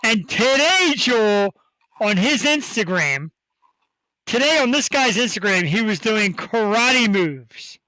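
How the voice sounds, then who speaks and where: A male talk show host hyping up upcoming guests in a rambling, excitable way. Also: sits high, takes it slowly, no room sound, poor audio. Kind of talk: casual talk show chat.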